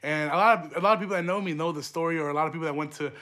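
High-voiced young man, profane storyteller. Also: very fast, bright, forceful tone. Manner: profane, rambling, laughing asides. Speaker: podcast host. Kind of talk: casual storytelling.

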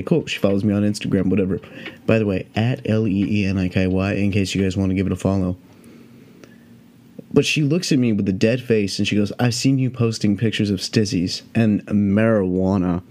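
Male podcast host, low mellow voice, loose profane rambling chat, faint music behind. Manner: rambling, profane, heavy on "like" fillers. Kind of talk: casual solo podcast chat.

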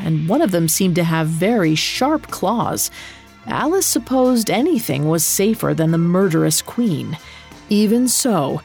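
A woman narrates a storybook in a calm, measured, expressive way. Her voice sits fairly low with a gravelly fry. Faint music plays under her reading. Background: soft music.

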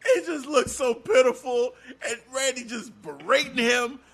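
A man's voice: extremely high pitch, measured pace, slightly rough. A man in casual chat, laughing often and acting out quoted lines. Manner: animated, laughing, acts out quotes.

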